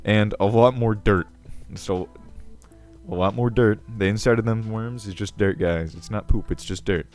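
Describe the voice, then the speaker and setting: A self-assured, ancient male goblin king played by a man rambles with a low, crackly voice. Faint music plays behind him. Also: normal speed, darkish tone, natural voice. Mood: pompous. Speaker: video host. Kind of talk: character comedy Q&A.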